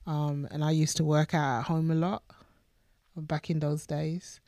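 A woman's voice: deep voice, little pitch movement, unhurried, mellow, no echo, studio quality. A woman pastor co-hosting a faith podcast, talking earnestly and emphatically, often repeating words as she builds a point. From United Kingdom. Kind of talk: casual faith chat.

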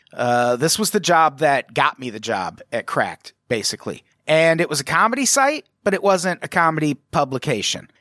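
An American man hosting a commentary video, sarcastic and profane, with animated asides. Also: on the high side, no echo, clean studio sound. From United States. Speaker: commentary host. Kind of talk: casual scripted commentary.

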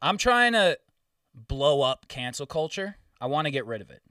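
A young man with a bright, forceful voice, chatting casually on a podcast and telling animated stories full of jokes and swearing. He sounds a little set back from the mic in a dry, dead-sounding space. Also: a little high, moderate pace, dry recording, recorded from a distance. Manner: joking, profane, animated storytelling. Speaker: podcast co-host. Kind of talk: casual chat.

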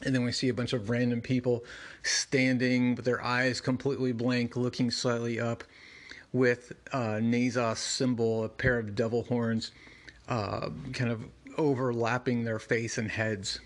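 Brief: relaxed man reading through a comic, chatty asides, mid pitch, casual commentary. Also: a little slow. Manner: conversational, many fillers and asides. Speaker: comic book reviewer and reader.

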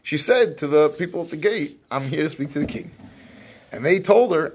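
A man's voice: fairly high pitch, expressive, normal speed, noisy background. A man teaching an evening Torah class, reading verses, translating them and acting out what the people said, in Yeshivish English. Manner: Yeshivish English with Hebrew phrases.

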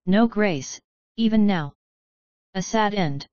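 A woman voicing a calm, gentle older male wizard mentor in an audiobook, in a measured manner. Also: medium pitch, dry recording, muffled recording, close to an everyday voice.

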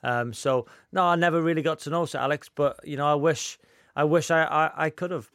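A man co-hosting a podcast, chatting in a relaxed, rambling way. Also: fairly high pitch, a little fast, no echo, clean studio sound. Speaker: podcast co-host. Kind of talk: casual chat.

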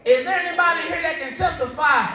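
High-voiced Southern preacher in an echoey church. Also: male voice, fast, crowd noise. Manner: preaching with rising shouts and storytelling. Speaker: pastor. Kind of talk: sermon.

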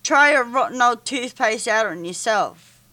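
A woman voicing a shouting, indignant young boy. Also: a little high, expressive, a little slow, voice pushed up. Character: angry young boy defending animals.

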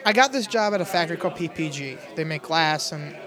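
A man's voice: fairly high pitch, expressive, quick pace, a crowd in the background. A man, a stand-up comedian, telling stories in a rambling, self-deprecating way during a casual chat.

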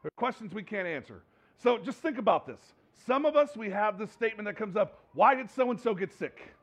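A man's voice: sits high, expressive, a little fast. A man preaching a sermon to his congregation in a conversational way, often repeating and restarting his words. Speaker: pastor. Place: church sanctuary with congregation.

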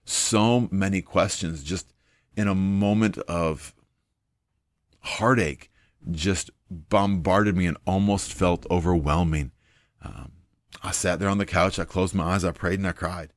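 A man's voice: low-pitched, unhurried, dry recording, studio quality. A man preaching an informal sermon in an earnest, conversational way, with frequent fillers.

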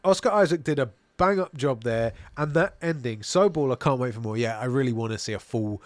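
A man's voice: medium pitch, a little fast, no echo. A British man co-hosting a podcast, chatting casually and reading out viewer comments with easy laughs and loose swearing. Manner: easygoing, laughs and swears freely. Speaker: podcast co-host.

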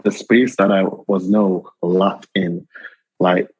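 A young Jamaican man chatting as an interview guest, telling stories in a laid-back, animated way. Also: low-pitched, slow pace, husky, no echo, highs cut off. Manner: laid-back, animated storytelling with frequent asides. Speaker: guest creative. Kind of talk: casual conversational interview.

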